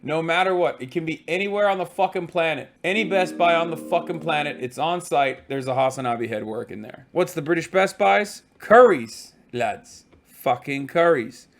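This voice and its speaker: A man livestreaming from a hotel room, telling stories in a casual, profane, animated way. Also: a little high, moderate pace, few pauses. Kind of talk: casual stream chat.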